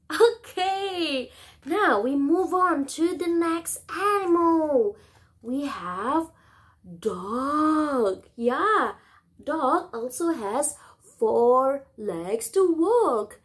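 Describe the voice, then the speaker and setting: A woman's voice: high voice, sing-song, extremely slow, fairly bright tone. A young woman giving a kindergarten practice lesson in an exaggerated sing-song manner, imitating animal sounds for young children. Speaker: kindergarten teacher.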